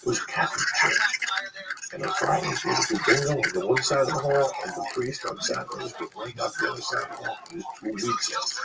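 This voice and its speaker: A man hosting a podcast, ranting in a combative, heavily profane, animated way. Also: medium pitch, fairly quick, gravelly. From New Jersey / New York area. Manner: loud, swearing, combative, animated. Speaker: podcast host. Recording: far from mic, loud background noise.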